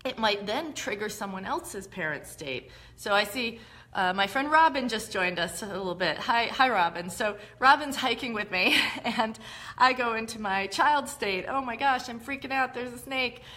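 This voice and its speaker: A woman hosts a live-streamed teaching talk, explaining her ideas in a relaxed, conversational way. Her voice sits at a middle pitch, and she talks her points through with examples. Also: normal speed. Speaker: host.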